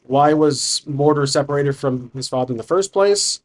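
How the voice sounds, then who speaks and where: A man's voice: fairly high pitch, normal speed. A man narrating his solo tabletop game, thinking aloud with frequent restarts. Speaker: solo game master and player.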